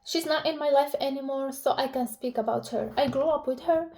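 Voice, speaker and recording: Woman, high voice, chatty vlog talk, emotional, lots of fillers and restarts. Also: a little fast, darkish tone. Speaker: relationship vlogger. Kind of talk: casual personal talk to camera.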